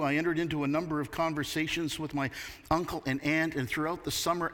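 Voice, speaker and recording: A man's voice: high voice, sharp tone, big-room sound. A man preaching a sermon from Canada, earnest and building to emphatic peaks. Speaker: pastor.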